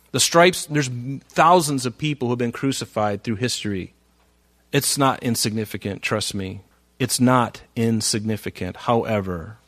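A man preaching a sermon, reading scripture aloud and commenting on it, moving between soft asides and loud, emphatic phrases. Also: medium pitch, no echo. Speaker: pastor.

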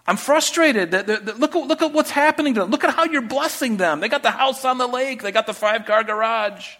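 A man's voice: very high-pitched, a little fast, pushed and bright, pitched above the performer's own voice, heavily acted. A man voicing a frustrated man of faith who is envious of the wealthy, in an exasperated, complaining rant.

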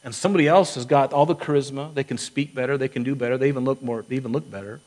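A man's voice: mid-range voice, racing, a little mellow, rough recording. A man preaching a sermon as a pastor, earnest, acting out quotes and often restarting his sentences.

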